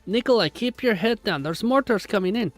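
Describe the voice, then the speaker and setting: A man putting on a joking Russian character with a pink beard, a mock Russian accent and broken English, delivered with comic deadpan. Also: high voice, a little fast, dry recording, soft background music, voice pushed up. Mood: mock-serious.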